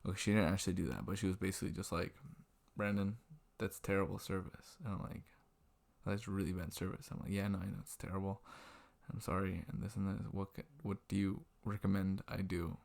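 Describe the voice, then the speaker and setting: Young male vlogger, deep and gravelly, rambling and self-deprecating, webcam at night. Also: fairly even intonation, fairly quick, darkish tone. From Washington state, US. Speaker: restaurant server telling a work story. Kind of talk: casual storytelling vlog. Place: indoors at a computer, late at night. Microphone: webcam mic.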